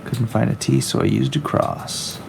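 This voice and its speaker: A man's voice: mid-range voice, sing-song, normal speed, vocal fry, background noise. A middle-aged man, a comic artist, chatting casually on a livestream while he draws. He rambles and jokes, reading viewer comments aloud as he goes. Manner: rambling, jokey, reads viewer chat aloud. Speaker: comic artist streaming his work.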